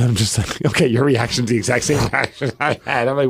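A man co-hosting a podcast, telling a story in casual chat and acting out quoted lines in a hushed voice. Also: mid-range voice, fairly even intonation, quick pace, gravelly, few pauses, husky. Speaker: podcast co-host.

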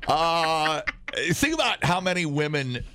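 Animated joking man, lively pitch. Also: takes it slowly, a little hiss or hum. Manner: joking, animated, breaks into silly voices. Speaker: co-host. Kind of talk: casual radio chat. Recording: dry studio.

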